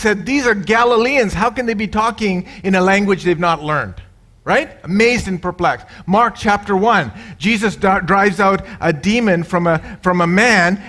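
A middle-aged man delivers a sermon as pastor, his voice sitting high for a man. He preaches in an animated way, telling jokes and bursting into loud, higher voices whenever he acts out the people in his stories.

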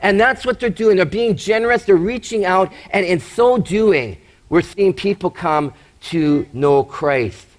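High-voiced man preaching a sermon. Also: lively intonation, a little slow, few pauses. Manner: emphatic, rhetorical questions, acts out doubters. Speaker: pastor.

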